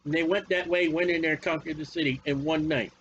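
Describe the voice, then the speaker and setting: A man's voice: a little high, steady tone, brisk, fairly bright tone, highs cut off, a little hiss or hum. A male preacher teaching a Bible study sermon in a folksy, emphatic way, often repeating his phrases.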